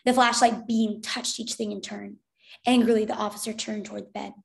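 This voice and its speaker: A woman, a teacher, narrating a children's novel aloud in an expressive, clear way. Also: medium pitch, brisk. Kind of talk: storybook read-aloud narration.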